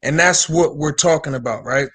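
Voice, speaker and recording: A man's voice: fairly high pitch, normal speed, a bit bright, breathy edge. A man joining a live podcast by remote call, carefully restating the point under discussion. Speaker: panelist. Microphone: remote call connection.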